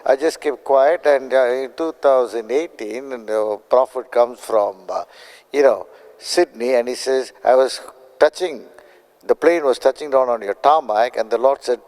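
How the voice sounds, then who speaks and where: An older man from India, a guest telling his testimony in an animated way and acting out quoted dialogue. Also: normal speed, low-quality recording. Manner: acts out quoted dialogue with big pitch jumps. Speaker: guest prophet.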